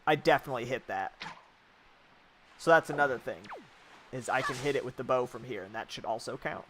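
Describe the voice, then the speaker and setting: A man's voice: mid-range voice, a little fast, a bit bright, slight background noise. A man giving casual gameplay commentary as a streamer, rambling and blunt, swearing freely.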